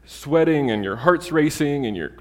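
A man's voice: on the high side, animated, normal speed, long reverb tail. A man preaching a sermon in an easygoing, humorous way, mixing everyday stories and asides with Bible readings.

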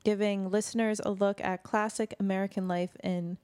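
A woman's voice: mid-range voice, flat delivery, moderate pace, a little mellow, smooth, no echo. A woman co-hosting a talk show, hesitant and stumbling as she tries to steer the talk. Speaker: co-host. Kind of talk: casual talk show chat.

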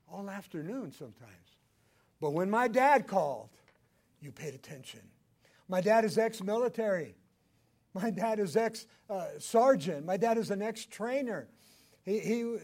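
An older man preaching a sermon, swinging between loud emphatic lines and hushed ones. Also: high voice. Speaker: pastor.

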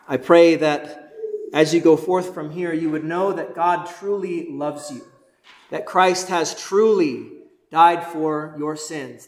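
Man, pastor, stutter, earnest sermon, slow measured delivery, reverberant church room. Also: fairly high pitch. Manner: earnest, with frequent restarts and repeated words. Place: church sanctuary.

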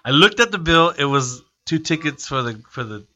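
A man's voice: fairly high pitch, moderate pace, muffled recording. A man in his thirties, a guest comedian, telling stories in casual chat and acting out the people he quotes. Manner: animated storyteller, acts out quotes.

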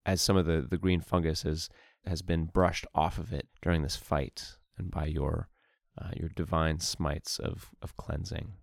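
A man narrating a tabletop game as game master, slow and laughing often. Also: rumbling low, little pitch movement, vocal fry, no echo, studio quality.

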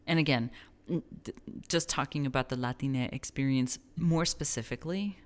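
A woman's voice: very deep voice, moderate pace. A woman from New Mexico co-hosting a podcast, talking casually and rambling, correcting herself and laughing often. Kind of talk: casual conversation.

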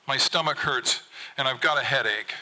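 A man's voice: medium pitch, moderate pace, pushed and bright, voice pushed up. A man voicing his upset thirteen-year-old son, pleading in a raised, strained voice during a performed poem.

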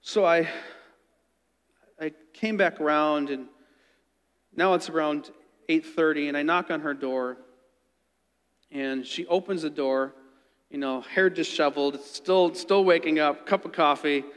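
A man telling a story in an earnest, conversational sermon, dropping quiet when he quotes others. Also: fairly high pitch, measured pace, pauses often, clear, resonant tone, long reverb tail.

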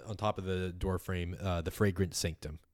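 Deep-voiced man running a tabletop game. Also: moderate pace, no room sound, studio quality. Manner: relaxed, rambling, lots of fillers. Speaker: game master.

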